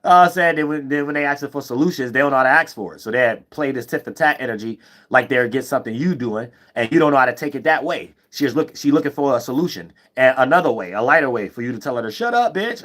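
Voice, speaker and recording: A man of middling pitch rants at a rapid clip in an off-the-cuff monologue. His talk is rambling and profane, full of restarts and the habit of asking "you know what I'm saying". Every so often his voice leaps up, higher and louder. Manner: sudden jumps up in pitch and loudness. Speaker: vlogger. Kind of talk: unscripted ranting monologue.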